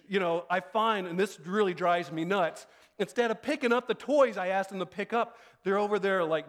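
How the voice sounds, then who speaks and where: High-voiced man preaching a casual sermon. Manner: conversational storytelling, acts out quoted lines with rising pitch. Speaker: pastor.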